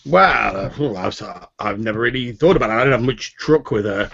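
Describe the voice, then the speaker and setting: A man voicing a loud, boastful bearded tavern owner who talks in a tipsy, blustering way. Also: mid-range voice, lively intonation, a little fast, creaky, slightly rough, exaggerated voice. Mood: flustered. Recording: dull lo-fi recording.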